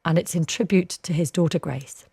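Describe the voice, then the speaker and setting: A woman hosts a live radio phone-in in a low, mellow voice. She speaks gently and in a measured way, with the odd um. The studio sound is dry and close. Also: steady tone, gravelly, breathy edge, no echo. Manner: gentle, measured, with occasional ums.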